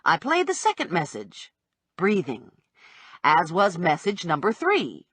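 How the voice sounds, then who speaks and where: A wry, breathy woman narrator. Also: on the low side, measured pace, dry recording. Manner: wry, deadpan humor. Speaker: audiobook narrator. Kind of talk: first-person audiobook narration.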